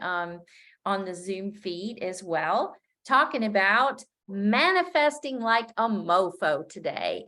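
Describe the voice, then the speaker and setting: A woman's voice: mid-range voice, fairly bright tone. A middle-aged woman giving a live-streamed coaching talk. She is chatty and upbeat, speaks loosely and off the cuff, and laughs at her own slips. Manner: loose and unscripted, with frequent fillers and restarts. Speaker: business coach.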